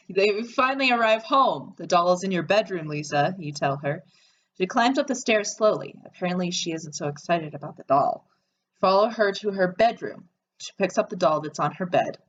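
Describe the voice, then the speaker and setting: A woman's voice: mid-range voice, expressive, normal speed, dull audio, a little hiss or hum. A woman reading an interactive horror story game aloud and adding chatty, sarcastic asides.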